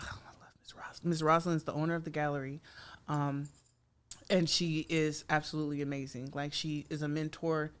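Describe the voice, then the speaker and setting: A woman in her forties chats as a guest in a podcast studio. She tells stories in a loose, lively way, with plenty of fillers. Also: low voice, smooth. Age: 40s. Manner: chatty, lively storytelling with frequent fillers and laughter. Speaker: guest artist. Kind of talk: casual interview chat.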